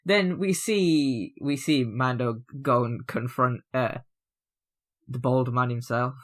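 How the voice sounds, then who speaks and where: A man's voice: mid-range voice, slow pace. A man co-hosting a casual review chat, rambling with many fillers and restarts. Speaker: review show co-host.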